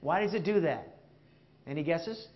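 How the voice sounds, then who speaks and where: High-voiced man giving a jokey keynote. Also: moderate pace, muffled recording. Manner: animated, jokey, questions the audience. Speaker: keynote speaker. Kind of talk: interactive motivational keynote. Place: stage before a live audience.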